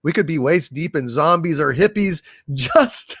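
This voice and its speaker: A man with a somewhat high voice talks very slowly on a dry, close mic. He hosts a livestream, reading viewers' messages aloud and thanking each of them with halting restarts and fillers. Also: expressive, fairly bright tone, no echo. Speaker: livestream host reading super chats. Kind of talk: casual livestream chat.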